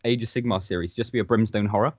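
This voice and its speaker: A man's voice: fairly low pitch, very fast, no echo. A man co-hosting a casual podcast, sardonic and sweary, acting out little quotes as he talks. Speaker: podcast co-host. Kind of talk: casual chat. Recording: dull lo-fi mic.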